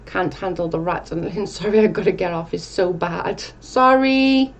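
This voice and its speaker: A woman's voice: fairly low pitch, steady tone, normal speed, creaky, darkish tone, lo-fi sound. A young woman casually chatting on a live stream, reading viewer comments and rambling, with casual swearing.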